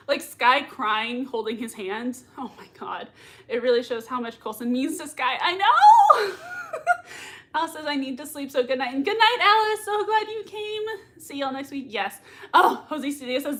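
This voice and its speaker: Giggly, gushing woman with a higher voice. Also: fairly bright tone. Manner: giggly and gushing, laughs often. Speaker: livestream host reading viewer chat. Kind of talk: casual live watch-party chat.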